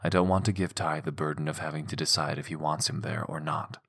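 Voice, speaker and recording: A man voicing an easygoing but stubborn young man in an audiobook, talking in a low, blunt, offhand way. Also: fairly even intonation, fairly quick, a bit bright, full character voice. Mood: serious.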